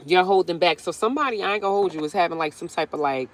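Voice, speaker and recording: A woman's voice: on the low side, very fast. Chatty slangy woman reading tarot outdoors. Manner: chatty, slangy, emphatic, often laughing. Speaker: tarot reader. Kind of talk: live-streamed tarot reading. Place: outdoors beside a road.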